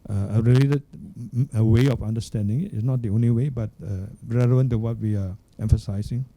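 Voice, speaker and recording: Older male monk, dharma talk, extremely dark and warm timbre, measured halting delivery. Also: mid-range voice, steady tone. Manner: unhurried, searching for words, checks in with "hmm?" and "yeah?". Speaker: Buddhist monk teacher. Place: Buddhist centre hall.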